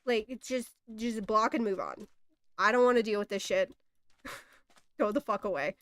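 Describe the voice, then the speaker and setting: Young woman, high voice, dry close sound, exasperated rant, lots of swearing. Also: unhurried, fairly bright tone, dry recording. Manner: exasperated, swears often, laughs in disbelief. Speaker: streamer. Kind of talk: casual ranting monologue.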